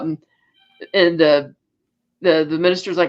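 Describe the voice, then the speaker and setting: High-voiced man recapping a film. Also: flat delivery, dull audio. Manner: retells scenes acting out quotes in quick asides. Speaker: podcast co-host.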